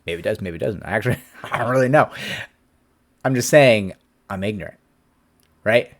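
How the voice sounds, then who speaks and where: A man in his forties, an employment attorney, answering a viewer's question in a casual, animated talk to camera. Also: on the low side, moderate pace, pauses often. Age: 40s. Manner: animated, conversational, acts out quotes.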